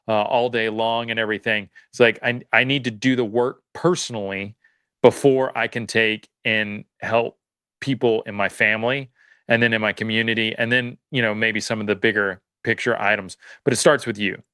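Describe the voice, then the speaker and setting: Bright, crisp-voiced male guest. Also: lowish voice, no echo. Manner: earnest, motivational, thinks aloud with many restarts. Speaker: podcast guest, farmer. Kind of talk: casual interview talk.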